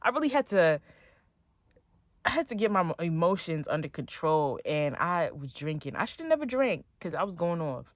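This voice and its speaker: Animated young woman telling a story. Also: normal speed, dry recording, highs cut off. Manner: animated, slangy, acts out dialogue with big pitch jumps. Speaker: storytime vlogger. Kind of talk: casual storytime narration.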